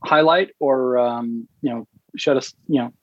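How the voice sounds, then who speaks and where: A man's voice: mid-range voice, unhurried, no echo. A man hosts a casual podcast chat in an easygoing way, moving the talk along from topic to topic. His voice comes through dull and lo-fi, with a dry sound. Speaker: podcast host.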